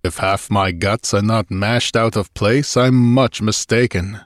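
A man doing a gruff, wounded barbarian. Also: on the low side, measured pace, no echo, clean studio sound, natural voice. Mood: grim. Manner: panting, gruff and blunt.

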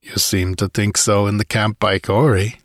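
Casting: narrator as a hearty barbarian chief, boastful, low voice, dry recording. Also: male voice, flat delivery, normal speed, no echo, close to an everyday voice. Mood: cheerful. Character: boisterous barbarian warrior chief, cheerful.

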